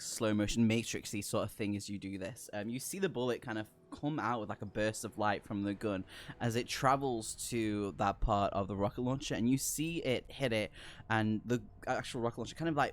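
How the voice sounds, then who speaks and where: A man narrating a tabletop horror game as game master, describing scenes with lots of filler words. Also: on the low side.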